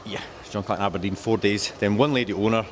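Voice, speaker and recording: Enthusiastic car dealer. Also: male voice, fairly low pitch, fairly even intonation, quick pace, slight background noise. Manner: enthusiastic, jokey, rattles off specs. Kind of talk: casual walkaround chat.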